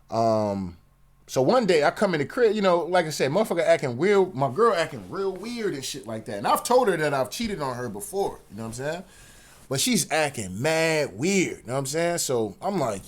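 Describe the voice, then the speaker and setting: A man's voice: fairly high pitch, big pitch swings, moderate pace. A man telling a personal story in a slang-heavy, profane rant, peppered with "you know what I'm saying". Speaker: commentary channel host.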